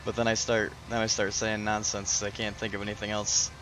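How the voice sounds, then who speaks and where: Fairly quick and completely flat, this lowish male voice belongs to a livestream host who greets viewers by name and laughs a lot. Background noise can be heard.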